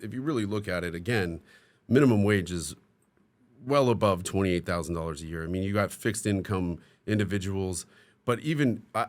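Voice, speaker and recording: A man with a fairly low voice talks casually on a podcast. He works through his questions with false starts and laughs easily along the way. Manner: hesitant, questioning, laughs often. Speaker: podcast co-host.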